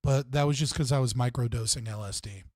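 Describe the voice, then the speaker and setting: A man's voice: mid-range voice, fast talker, no echo, clean studio sound. A man hosting a casual livestream, telling rambling stories full of swearing and fillers. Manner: profane, rambling storytelling with frequent fillers. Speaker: streamer host.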